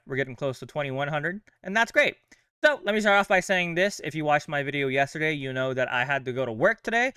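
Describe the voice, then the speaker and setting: A man hosts his fan channel in an easygoing, upbeat chat, dropping in loose fillers as he goes. His voice is a touch higher than most and rings smooth and clear. The sound is close and dry, with no room around it. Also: pushed and bright, dry recording. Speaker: host of a fan sports channel. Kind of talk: casual chat.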